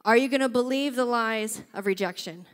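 A woman preaching a sermon in church, telling stories with lively energy and often checking in with her listeners. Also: a little high, normal speed. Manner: animated storytelling, often checks in with "okay?".

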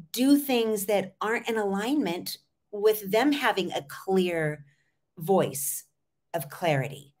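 A middle-aged woman hosting a solo podcast as a voice coach, talking in an animated, emphatic way with frequent asides. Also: mid-range voice.

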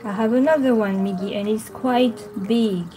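A woman's voice: a little high, moderate pace, mellow. A woman vlogging with her pet, giggly, coaxing and pleading with it in casual talk. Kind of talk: casual pet vlog narration.

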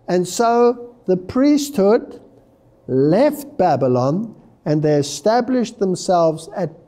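A man's voice: high-pitched, mellow. A man giving an emphatic Bible prophecy lecture, explaining history and reading scripture aloud. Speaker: religious lecturer.

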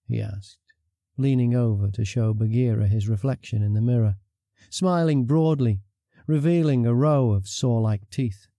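Reading aloud from a fantasy audiobook script, the man narrates in a calm, measured storytelling style. Expect a mid-range voice on a dry, studio-quality recording.

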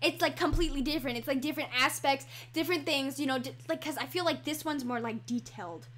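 A high-voiced woman talks through her game on a desk microphone. She is chatty and easily excited, with her sentences running on through fillers and restarts. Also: quick pace. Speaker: gaming channel host. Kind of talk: casual game commentary. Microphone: computer microphone.

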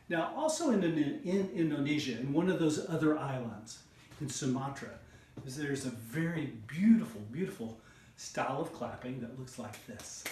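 A man's voice: medium pitch, lively intonation, normal speed, noisy background. Middle-aged male music teacher, upbeat call-and-response delivery, roomy distant recording. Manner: encouraging, coaxing call-and-response; chants percussive syllables in rhythm. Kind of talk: online music lesson for children. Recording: roomy sound, mic at a distance.

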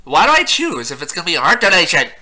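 A man's voice: on the high side, wildly swooping pitch, quick pace, sharp tone. A young man giving casual let's-play commentary, laughing often, swearing and yelping at surprises in the game. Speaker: gameplay commentator.

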